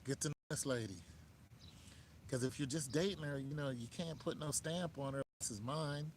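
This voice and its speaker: A man's voice: medium pitch, moderate pace, a little hiss or hum. A man with an American accent giving dating advice in a laid-back, joking monologue, talking straight to the listener. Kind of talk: casual monologue.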